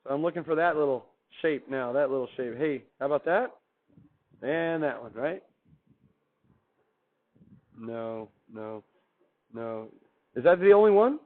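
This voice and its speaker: Guy teaching calculus to a class, kinda high voice, keeps quizzing the room, tinny phone-ish audio. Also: lively intonation, a little fast. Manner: chatty, asks the class questions and answers himself. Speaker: math teacher. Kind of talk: classroom lecture.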